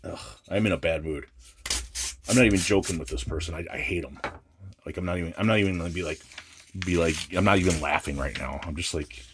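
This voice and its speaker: A man's voice: low-pitched, fast, noisy background. A man vlogging while unboxing comics, grumbling and swearing in a casual, exasperated rant. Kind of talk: casual ranting unboxing vlog.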